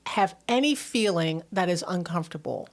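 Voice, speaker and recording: A middle-aged woman therapist co-hosting a casual podcast chat, animated, acting out quoted voices and often repeating words. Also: on the low side, moderate pace.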